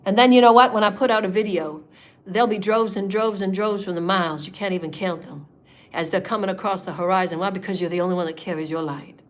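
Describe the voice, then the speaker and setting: A woman leading a spiritual meditation in a sermon style, impassioned and repetitive, moving between soft murmurs and loud declarations. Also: mid-range voice, quick pace. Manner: repetitive, chant-like phrasing. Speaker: spiritual channeler.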